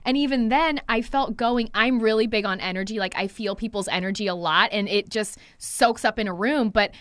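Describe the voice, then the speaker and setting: A woman's voice: fairly high pitch, moderate pace, no echo. Candid, swearing woman stylist. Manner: candid, swears freely, acts out past conversations. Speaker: hair stylist and coach. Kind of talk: casual podcast conversation.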